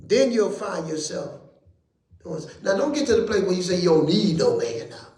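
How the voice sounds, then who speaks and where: A man with a high, bright preaching voice works a church room with folksy call-and-response talk. He swings from quiet asides up into shouted lines. The sound rings with the echo of the room. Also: sing-song, moderate pace. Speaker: bishop teaching Bible study. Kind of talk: lively preaching to a congregation.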